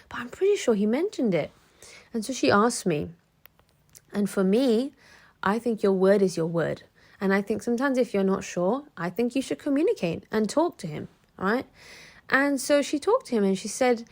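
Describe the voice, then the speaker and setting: A woman's voice: medium pitch, unhurried. A woman giving casual advice straight to the camera, chatty and prone to digressions. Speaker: motivational video creator.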